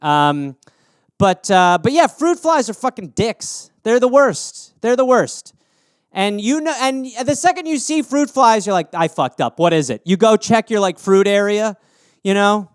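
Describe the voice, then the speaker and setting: In his thirties and hosting a comedy podcast solo, a man riffs on listener suggestions, rambling, swearing and slipping into silly voices. His high, smooth voice is animated though a little slow. The studio-quality recording has no echo.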